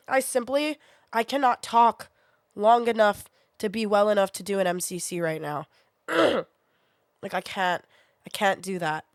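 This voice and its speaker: A young woman streamer with a medium-pitched voice, recorded dry, is sick with a sore throat. She chats casually and vents bluntly, swearing a lot.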